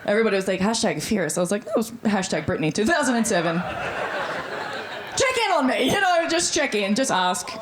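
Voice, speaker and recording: A woman's voice: mid-range voice, sing-song, a little fast, a crowd in the background. A woman in her thirties with an Australian accent performing a stand-up comedy set in a chatty, breezy way and acting out the voices she quotes. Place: comedy club stage before a live audience.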